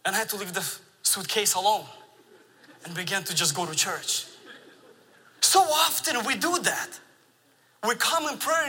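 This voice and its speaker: Bright-voiced man preaching in a hall. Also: high-pitched, slightly rough. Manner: animated storytelling with laughs. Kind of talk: sermon. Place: large church sanctuary. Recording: long reverb of a large church hall.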